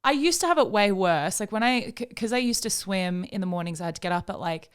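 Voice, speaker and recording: Fast and animated, this young podcast co-host spins casual stories in a smooth, mid-range voice, peppering them with "like" and the occasional offhand swear word.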